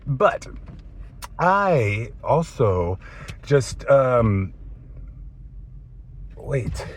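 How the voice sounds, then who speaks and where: A man's voice: mid-range voice, sing-song, extremely slow. A man in his thirties filming an off-the-cuff fitness vlog. He rambles and says "dude" a lot, and he is choked up. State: teary, choked up. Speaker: fitness vlogger.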